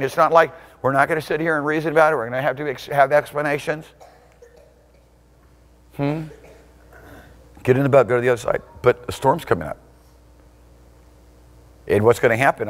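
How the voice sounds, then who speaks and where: A male pastor delivers a passionate sermon, moving between loud, shouted climaxes and low, intense stretches.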